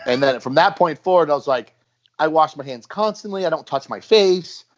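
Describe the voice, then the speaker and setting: Animated storytelling man, lo-fi sound. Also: a little high, normal speed. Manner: storytelling, animated, acts out quotes. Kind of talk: casual podcast chat. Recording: dull lo-fi podcast audio.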